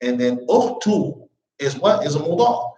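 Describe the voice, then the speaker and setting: A man's voice: on the high side, big pitch swings, fairly quick, mellow. A man teaching an Arabic grammar class, constantly quizzing his students with "what?" prompts. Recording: roomy, dull classroom recording.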